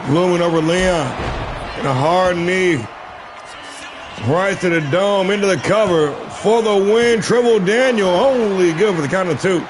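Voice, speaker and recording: A man calling a wrestling video game live on stream, shouting the big moves and breaking off into profane asides to his viewers. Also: sits high, measured pace, crowd noise, noisy background. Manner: excitable play-by-play with shouted calls and profane asides. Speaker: stream host and play-by-play commentator.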